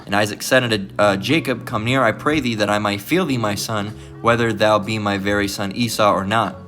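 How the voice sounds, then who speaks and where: A man's voice: fairly low pitch, steady tone, brisk, fairly bright tone, faint music behind. A man preaching, reading archaic scripture aloud with stumbles and rereads, then breaking in with blunt asides that he caps with "all right?". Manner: peppers remarks with "all right?". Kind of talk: Bible reading with commentary.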